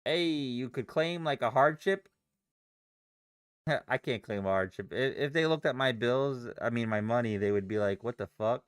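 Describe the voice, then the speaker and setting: A man's voice: medium pitch, lively intonation, moderate pace, clear, resonant tone, dry recording, studio quality. A young man chatting casually on a live trading stream, swearing and rambling as he reacts to chat and charts. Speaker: livestream day trader.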